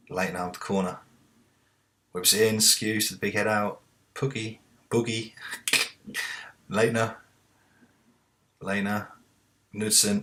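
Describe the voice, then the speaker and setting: A man commentating live on a football management game, muttering to himself and then shouting at the players. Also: on the low side, measured pace, pauses often. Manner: talks to the players, swings from muttering to excited shouts. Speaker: let's play host.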